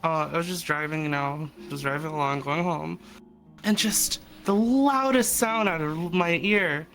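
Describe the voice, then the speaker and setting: A woman in casual chat, telling a driving story in an unhurried way. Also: low voice, a bit bright, faint music behind.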